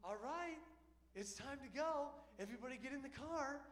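Exasperated mom herding the family into the car, high and shrill, as a man puts her on, with a long hall echo. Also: lively intonation, moderate pace. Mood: cheery brisk. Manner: cheery at first, then shrill and shouting.

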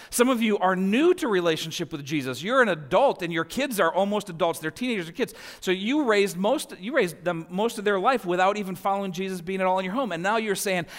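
Pastor in his 40s, tenor-high voice, story-driven sermon, long church-hall reverb. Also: fast, few pauses, a bit bright. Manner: storytelling, voice rising in anecdotes.

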